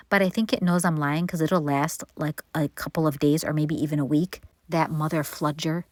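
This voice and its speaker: A woman's voice: deep voice, moderate pace, few pauses, dry recording. Woman in her 40s, baking vlogger, candid chatty Q&A read, dry close mic. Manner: chatty, candid, animated quoting. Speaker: baking channel host. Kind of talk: casual Q&A vlog.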